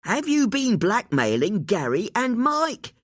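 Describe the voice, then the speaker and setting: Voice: mid-range voice, wildly swooping pitch, slow pace, dry recording, clean studio sound, voice pushed up, full character voice. A narrator doing a blunt, pushy woman sleuth.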